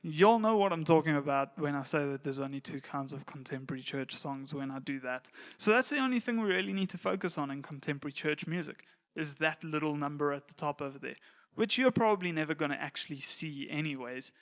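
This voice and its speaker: A man giving a relaxed, plain-spoken lesson to church volunteer musicians, now and then counting beats aloud. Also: fairly high pitch, fast talker. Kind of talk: casual instructional talk.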